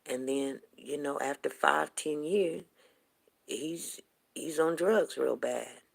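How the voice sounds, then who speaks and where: A woman in her forties hosting a show, telling a long personal story to her viewers in a chatty, animated way with quick laughs. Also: low voice, creaky. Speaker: show host.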